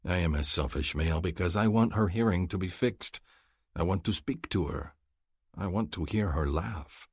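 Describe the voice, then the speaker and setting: A man's voice: deep voice, moderate pace, husky, no room sound. A man narrating an audiobook in the first person, in an earnest, brooding way, close to a studio mic.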